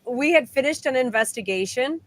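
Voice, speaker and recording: Lively woman telling a story. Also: sits high, fairly quick. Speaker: guest. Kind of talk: casual storytelling on a live show.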